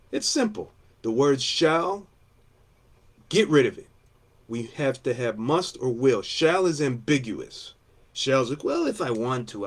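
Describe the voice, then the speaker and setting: A man, a union steward, giving a blunt, combative campaign talk to coworkers, repeating his points between fillers. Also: medium pitch.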